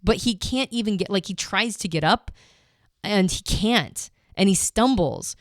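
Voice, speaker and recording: A woman's voice: medium pitch, a little slow, no echo, clean studio sound. A woman co-hosting a podcast, casually retelling a personal story, emotional and full of restarts and asides. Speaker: podcast co-host.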